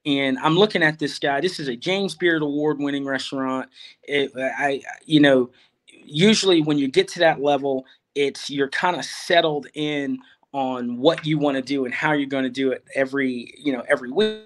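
A man's voice: medium pitch, moderate pace. A middle-aged man, a farmer guest, telling a long story in a rambling way, full of fillers and restarts, livening up when he quotes other people. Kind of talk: conversational storytelling.

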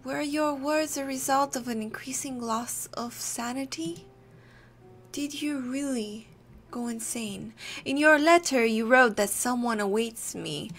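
A woman voicing a tormented gentleman haunted by a dark vision, reading his game dialogue aloud in a put-on, slightly odd accent. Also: high-pitched, a little slow. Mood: brooding. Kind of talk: let's play dialogue reading.

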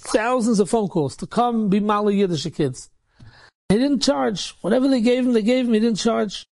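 A man's voice: sits high, normal speed, gravelly, a little mellow. A man, a rabbi, telling a story in a casual, repetitive way, peppered with Yiddish and Hebrew words.

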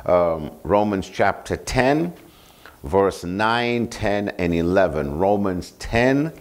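A male pastor preaching a sermon, prompting the congregation to finish his phrases and repeating scripture references slowly for emphasis. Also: low voice, lively intonation. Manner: call-and-response, asking the congregation to finish his lines.

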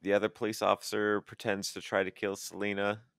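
Very deep-voiced man, matter-of-fact chat. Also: completely flat delivery, a little fast, vocal fry, fairly bright tone, smooth, dry recording, clean studio sound. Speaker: podcast co-host. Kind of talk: casual movie-discussion chat.

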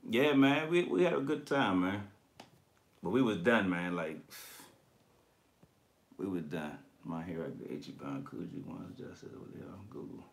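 A man's voice: low-pitched, expressive, measured pace. A man hosting a collectibles channel, chatting casually on a livestream and reading viewer comments. His talk is slangy and profane, and he laughs often.

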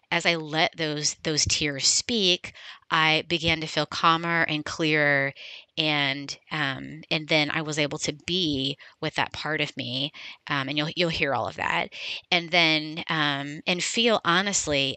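A woman's voice: low-pitched, bright, forceful tone, no echo, poor audio. A woman hosting a podcast, talking candidly and personally about her own experience, with frequent ums. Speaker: podcast host. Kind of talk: reflective podcast intro monologue.

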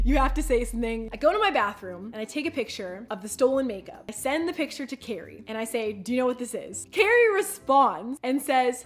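A young woman telling a casual storytime vlog, chatty and animated, acting out quoted texts and peppering her talk with "like". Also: fairly high pitch, fast talker, few pauses, faint music behind.

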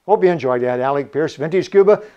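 A man's voice: fairly high pitch, quick pace, smooth, dull audio. An older man from Canada hosting a casual show-and-tell about vintage diving gear, chatty and joking. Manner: chatty, jokey, laughs often. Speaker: vintage scuba show host.

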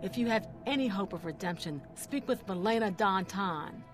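A man's voice: sits high, animated, moderate pace, music in the background. A man voicing a stern male guild fighter in a fantasy video game, speaking in curt, disapproving declarations.

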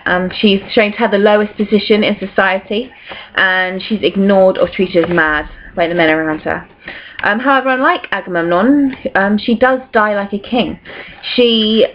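A woman's voice: mid-range voice, a little hiss or hum. Chatty teen girl revising, lo-fi. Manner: chatty, filler-heavy, acts out quotes in playful voices. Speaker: student revising for exams. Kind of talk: casual revision talk to camera.

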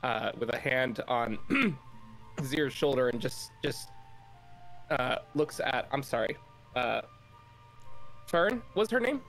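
A man playing a tabletop game asks measured questions in a mid-pitched voice. He is careful and polite. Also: animated, a bit bright, faint music behind, rough recording. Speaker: player.

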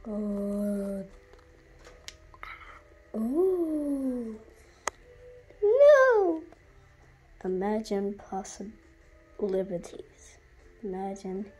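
A woman's voice: mid-range voice, slow pace, long pauses, warm tone, faint music behind. A woman streaming a game, chatting in a silly, contrary, sing-song teasing way. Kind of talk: playful game commentary.

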